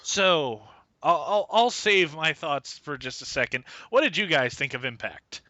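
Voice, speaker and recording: A man's voice: fairly high pitch, expressive, a little slow, sharp tone, dry recording. A man co-hosting a wrestling review podcast, ranting emphatically at listeners. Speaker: podcast co-host. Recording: dull lo-fi podcast audio.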